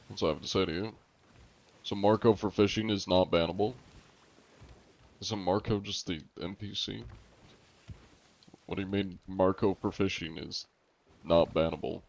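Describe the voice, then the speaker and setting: A male game streamer with a very low, gravelly voice, chatting in a relaxed, joking way. His tone is mellow and dark. The sound is close and dry but dull, like lo-fi stream audio. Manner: laid-back, joking, reacts to chat. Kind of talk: casual live stream chat.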